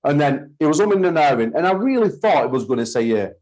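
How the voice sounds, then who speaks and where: A man's voice: on the high side, very animated, quick pace, a little mellow, rough recording. Sweary heated man ranting. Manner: heated, sweary, repeats himself. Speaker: podcast host. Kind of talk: ranting call-in chat.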